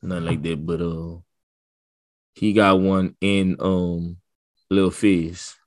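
A man, co-hosting a casual podcast, reacting to his co-host with loud disbelief. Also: low-pitched, flat delivery, takes it slowly, dry recording.

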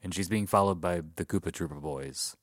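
Deep-voiced man, wry movie recap. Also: brisk, no room sound, studio quality. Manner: wry, recaps the plot with sarcastic asides. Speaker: podcast co-host. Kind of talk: casual comedic movie review chat.

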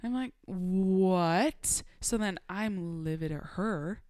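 A young adult woman on a podcast telling a personal story in a casual, animated way. She laughs often and acts out the dialogue she quotes. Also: fairly low pitch, unhurried, no echo, clean studio sound. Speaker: podcast guest.

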